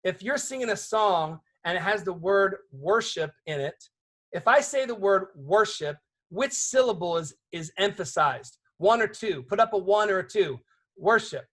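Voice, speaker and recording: A man teaching a songwriting seminar in a conversational way, often checking in with his audience with quick questions. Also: high voice, expressive, fairly bright tone.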